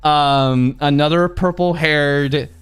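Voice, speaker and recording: A young man hosting a casual online talk show, playful and quick to laugh. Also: a little high, steady tone, clear, resonant tone, no room sound, faint music behind. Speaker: host. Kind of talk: casual interview chat.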